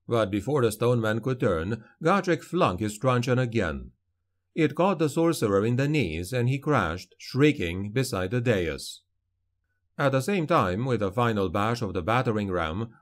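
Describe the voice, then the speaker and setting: A man reads a dark fantasy tale with dramatic, measured delivery. His pitch moves widely, lifting and falling with the action. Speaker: audiobook narrator. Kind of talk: dramatic fantasy audiobook narration.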